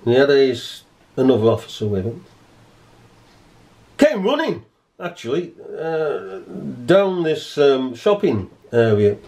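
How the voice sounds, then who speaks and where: A man's voice: mid-range voice, sing-song, slow pace, mellow. A man giving an indignant monologue to camera, emphatic and repeating his points. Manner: emphatic, repeats points, acts out both sides of an argument. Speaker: vlogger.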